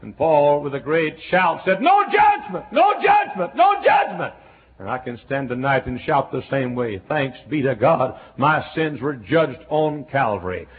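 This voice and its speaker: A man preaching a folksy revival sermon that swings between quiet, chatty asides and loud shouting. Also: medium pitch, normal speed, few pauses. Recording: tinny lo-fi sermon tape.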